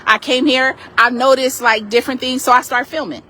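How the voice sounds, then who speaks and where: Woman activist, high voice, animated and forceful recounting, outdoor street. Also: brisk. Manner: emphatic, animated retelling. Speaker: community activist. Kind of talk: heated street complaint to police. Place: outdoors on a city street by a parked car.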